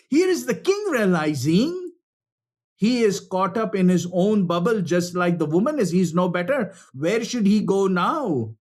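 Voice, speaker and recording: A spiritual speaker telling a parable in an animated way, often repeating words and calling listeners friends. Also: male voice, sits high, slow. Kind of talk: storytelling talk.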